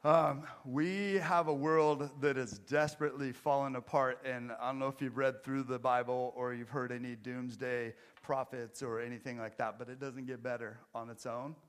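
A middle-aged male pastor delivers a sermon in a church. He mixes self-deprecating jokes with quieter, earnest emphasis, in a voice of middle pitch. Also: fairly even intonation, normal speed, few pauses, smooth.

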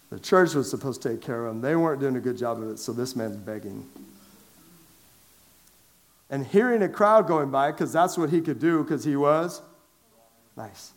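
A man preaching to a large church congregation, conversational and lively, asking them direct questions and raising his voice for emphasis. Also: medium pitch. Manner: lively and conversational, swings from quiet asides to loud emphatic calls. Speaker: pastor. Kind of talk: sermon. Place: large church sanctuary with a downstairs.

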